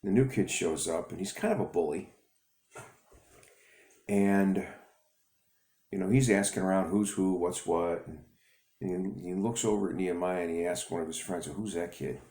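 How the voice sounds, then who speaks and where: A man's voice: deep voice, moderate pace, pauses often, mellow. A man hosting a ministry video, telling a story in a rambling way with restarts. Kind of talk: storytelling sermon. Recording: echoey room.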